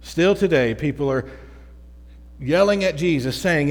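A man preaches with a high, bright-sitting voice, talking to his congregation in a casual, energetic way and often restarting his sentences. His voice rings out with a long reverb, as in a large church hall. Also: measured pace. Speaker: pastor. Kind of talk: sermon.

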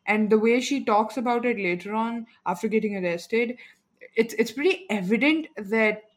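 A woman chatting on a podcast in an easy, relaxed way. She adds her views to the conversation and often uses "like" as she talks. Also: a little high, normal speed. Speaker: co-host. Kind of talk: casual podcast chat.

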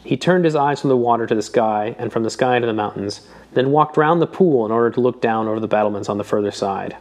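A male audiobook narrator with a voice of ordinary pitch, reading literary prose at a steady, measured pace. His delivery stays even and composed throughout. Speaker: audiobook reader. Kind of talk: scripted narration.

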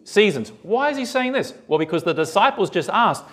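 A man's voice: high voice, fairly quick, hardly any pauses. A man preaching a sermon, reading scripture and asking his congregation questions as he goes. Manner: animated, asks the congregation questions. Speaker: pastor.

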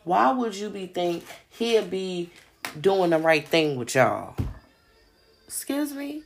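Fiery gravelly woman ranting on a podcast. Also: on the low side, big pitch swings, takes it slowly, soft background music. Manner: profane, heated, repeats rhetorical questions. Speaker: podcast host. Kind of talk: ranting monologue.

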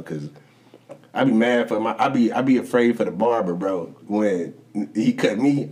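A man co-hosting a casual sports chat, telling stories animatedly, jumping into high voices to act out quotes and laughing often. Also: normal speed. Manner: animated storytelling, acts out quotes with big pitch jumps, swears a lot. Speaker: podcast co-host.

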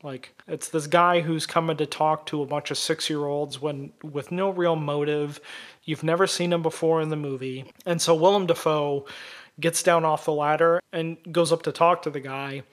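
A man co-hosting a casual podcast, retelling a film scene at length in an animated way. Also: on the high side, normal speed. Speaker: podcast co-host.

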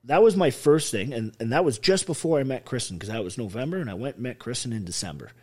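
A man telling stories in a casual chat, animated and heavy on swearing. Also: mid-range voice, fast talker. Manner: profane, animated storytelling. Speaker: podcast guest.

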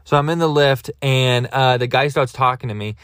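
A man's voice: mid-range voice, normal speed, fairly bright tone, clean tone, dry recording, studio quality. Rambling man telling a comic story. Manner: rambling, digressive, self-mocking. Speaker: podcast host. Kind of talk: comedic storytelling monologue.

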